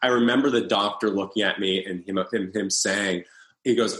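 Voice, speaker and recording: A man in his thirties speaks as an interview guest, telling his own story in a halting, restarting way. His voice sits fairly low. The recording carries a noticeable roomy echo. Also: fairly even intonation, fairly bright tone. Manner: halting, with many restarts and fillers. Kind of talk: personal storytelling in conversation.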